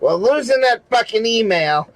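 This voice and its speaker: A man's voice: extremely high pitch, animated, moderate pace, a bit bright, dry recording, rough recording. A man chatting casually on a livestream, swearing, laughing and circling back to the same point again and again. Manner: rambling, repeats his point over and over; profane, laughs between phrases. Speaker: regular show panelist.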